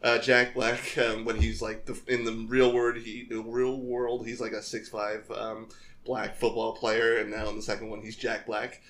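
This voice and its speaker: Podcast co-host, male, average pitch, easygoing storyteller who laughs often. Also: moderate pace, slight background noise. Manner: animated retelling of movie scenes with laughter. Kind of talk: casual chat.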